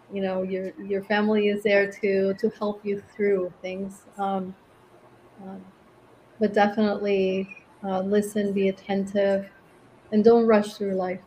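A middle-aged woman from Venezuela, a guest speaking in an interview in a reflective, gentle way. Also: medium pitch, a little hiss or hum, poor audio. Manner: reflective, gentle, laughs often. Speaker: guest, cancer survivor and author. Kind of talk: interview conversation.

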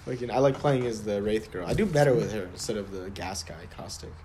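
A man's voice: lowish voice, fast, background noise. A young man in casual chat, telling a profane, ranting story and laughing often.

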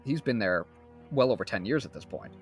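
Two to three sentences: A young man in casual podcast chat, his pitch leaping up and down as he talks. He sounds animated and laughs often. Faint music sits under his voice. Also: a little fast. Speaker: podcast co-host.

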